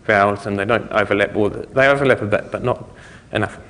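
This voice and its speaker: A man's voice: on the low side, fairly quick, a bit bright. A man giving a technical conference talk, explaining ideas in a loose, conversational way, recorded in a conference hall. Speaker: conference speaker. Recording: long hall reverb.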